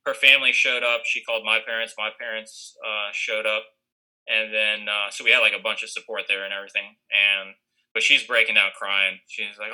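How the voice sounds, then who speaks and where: A man's voice: on the low side, little pitch movement, fairly quick, sharp tone, poor audio. A man casually telling a long story with lots of fillers and restarts. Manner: rambling, many fillers.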